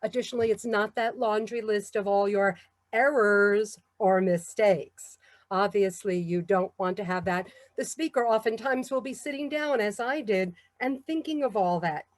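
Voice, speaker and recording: A woman with a New York accent giving a measured, encouraging talk on public speaking. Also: mid-range voice, dry recording. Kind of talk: instructional talk.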